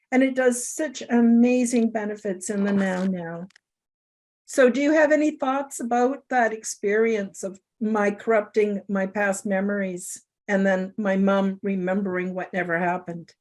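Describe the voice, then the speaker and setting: A woman's voice: fairly high pitch, darkish tone. Earnest, emotional woman telling a story. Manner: earnest, emotional, tearful at times. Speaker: show host.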